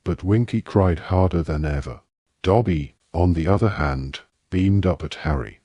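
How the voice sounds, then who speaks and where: Low, husky male audiobook narrator. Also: normal speed, warm tone, no room sound. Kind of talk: scripted narration.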